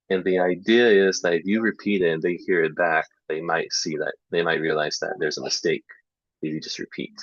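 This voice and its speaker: A man giving a casual online lesson on speaking feedback, talking in a relaxed way with lots of fillers and repeating student errors to demonstrate them. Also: deep voice, dry recording. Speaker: English teacher trainer. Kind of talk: casual online teaching talk. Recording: dull lo-fi dry online recording.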